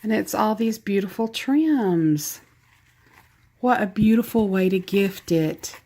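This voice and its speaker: A slow, mellow, medium-pitched woman's voice with a Southern US accent carries a casual unboxing chat. Opening a craft gift package, she's chatty and gushing, and she laughs at herself along the way.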